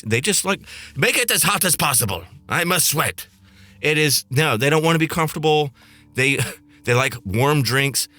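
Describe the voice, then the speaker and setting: Sharp-toned and mid-range, this man's voice carries a snarky, sarcastic, profanity-laced rant on the podcast he hosts. He's also a flight attendant, and the rant is played for comedy.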